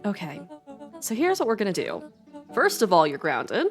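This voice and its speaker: A woman's voice: medium pitch, wildly swooping pitch, normal speed, faint music behind. A woman voicing a caring but stern mother in a story game. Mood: motherly. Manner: warm scolding, motherly.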